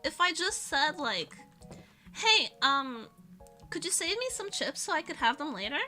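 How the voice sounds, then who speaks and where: Bright, high-voiced young woman streamer. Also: very animated, measured pace, soft background music. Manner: rambling, self-mocking, laughing often. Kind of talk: casual chat.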